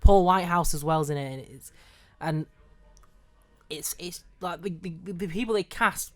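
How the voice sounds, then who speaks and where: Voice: mid-range voice, moderate pace, dry recording. A young podcast co-host chatting casually about a film, with stumbling restarts.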